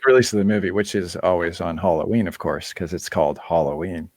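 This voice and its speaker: A man's voice: deep voice, brisk, no room sound. A man hosting a live-stream Q&A in casual chat, rambling through asides and laughing often. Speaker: band member hosting a live Q&A.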